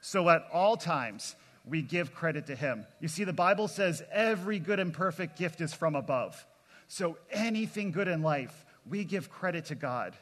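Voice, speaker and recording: Speaking to kids and grown-ups at a camp, a preacher with a slightly high, slightly bright voice stays earnest and plainspoken, calling out to the crowd. The recording has a long hall reverb.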